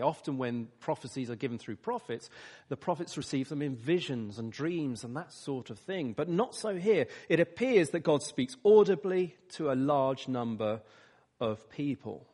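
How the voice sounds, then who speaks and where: A man preaching a sermon, swinging from emphatic rises to quiet, lower asides. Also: big-room sound. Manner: animated, emphatic rises and drops.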